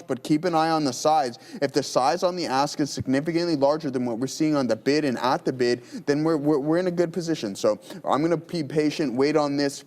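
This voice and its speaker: Man, live trading commentary, casual and upbeat, higher-pitched voice. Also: a little mellow. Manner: casual, upbeat, talks to viewers as guys. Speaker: trading show host.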